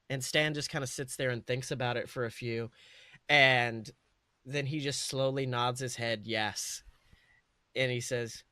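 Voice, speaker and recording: A man's voice: medium pitch, steady tone, measured pace, bright, forceful tone, smooth, no echo. A young man hosting a podcast, rambling through a comedic fan-fiction retelling with fillers and self-corrections. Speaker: podcast host.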